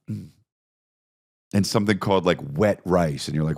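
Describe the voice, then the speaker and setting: A man hosting a podcast, telling crude, animated comedic stories and riffing with lots of profanity. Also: deep voice, normal speed, vocal fry, long pauses. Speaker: podcast host. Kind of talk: comedic storytelling monologue.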